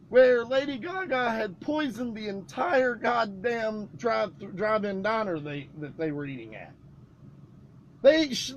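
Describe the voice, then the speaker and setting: A man co-hosting a live-streamed podcast in rambling, excitable, profane casual chat. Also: high-pitched, a little slow, a little hiss or hum. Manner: rambling, excitable, heavy swearing. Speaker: podcast co-host.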